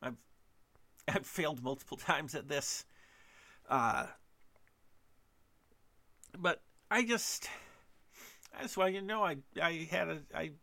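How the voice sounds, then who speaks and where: A man hosting a solo podcast monologue, halting and self-deprecating, with frequent restarts and fillers. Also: a little high, vocal fry, sharp tone. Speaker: podcast host.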